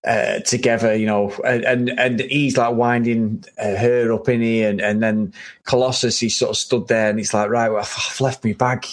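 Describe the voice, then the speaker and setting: A man's voice: mid-range voice, flat delivery, normal speed. Rambling man. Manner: rambling, many restarts and fillers, enthusiastic. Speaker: film review podcast co-host. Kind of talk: casual chat.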